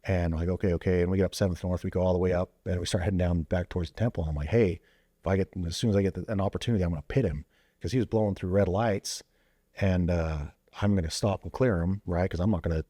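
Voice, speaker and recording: A man's voice: low voice, steady tone, fast, dark tone, no room sound. A man, a former police officer and veteran, casually telling a story as a podcast guest, with loose fillers and quoted dialogue acted out with sudden voice jumps. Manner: loose, with many fillers like "you know" and "like".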